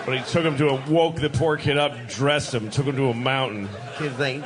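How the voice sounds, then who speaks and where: A middle-aged man doing live stand-up comedy, telling stories in an animated, profane and exasperated way. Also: mid-range voice, moderate pace, hardly any pauses, crowd noise.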